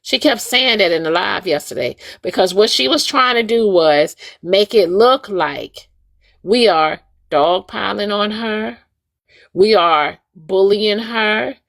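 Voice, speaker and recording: A woman's voice: medium pitch, takes it slowly, vocal fry, dry recording, clean studio sound. A woman hosting a livestream, talking casually and emphatically to her viewers and repeating her points. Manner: animated, repetitive, emphatic addressing of viewers. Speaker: livestream host.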